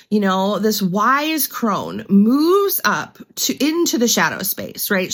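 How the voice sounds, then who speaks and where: A woman's voice: mid-range voice, fairly bright tone. Chatty woman giving a spiritual reading. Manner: rambling, filler-heavy, often asks "right?". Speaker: spiritual reader, channel host. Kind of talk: casual spiritual reading talk.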